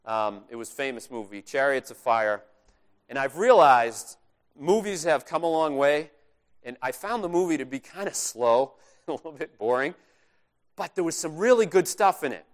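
A man's voice: on the high side, animated, normal speed. A male pastor preaching a sermon in a conversational, earnest way, stressing his key points.

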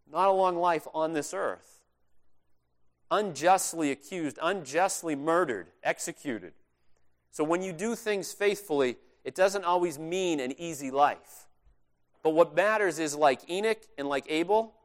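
Male pastor, earnest conversational sermon delivery, fairly high voice, leans hard on key lines.

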